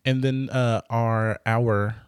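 A man's voice: mid-range voice, fairly even intonation, slow pace, smooth, no room sound, clean studio sound. A man co-hosting a podcast in casual chat, rambling and chatty, with the odd swear word. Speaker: podcast co-host.

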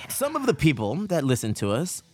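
A podcast host with a mid-range, darkish voice talks fairly fast, his pitch swinging wildly. In casual chat he swears a lot, rambles in slang, and calls people dog and bro.

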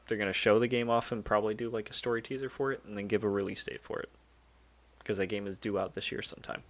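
A man's voice: on the low side, fairly even intonation, fast. A man co-hosting a gaming news podcast in a laid-back, teasing way, sounding sleepy. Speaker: podcast co-host. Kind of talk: casual chat.

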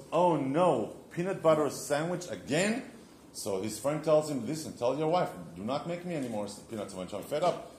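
In an informal religious talk, a podcast host shares marriage advice through stories, raising questions and supplying the answers himself. His pitch is fairly high, and the audio is reverberant with slight background noise.

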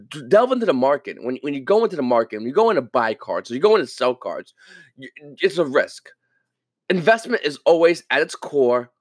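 A man with a high, lively voice talks straight into the mic in a casual podcast monologue. He keeps it animated and slips into character when he quotes other people. The sound is dry and close. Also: slightly rough, no echo. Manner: animated, acts out quoted viewers. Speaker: podcast host.

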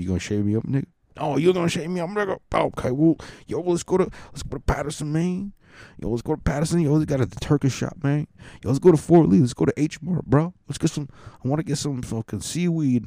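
A man imitating his pushy, teasing younger brother, who talks in rapid, profane street slang. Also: mid-range voice, mellow, no room sound, studio quality, voice pushed up, close to an everyday voice.

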